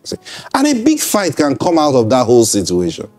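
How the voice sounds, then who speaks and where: A man's voice: mid-range voice, huge pitch swings, fairly quick, a little mellow, soft background music. A man preaching in a broadcast sermon. He speaks conversationally, repeats himself and checks in with listeners.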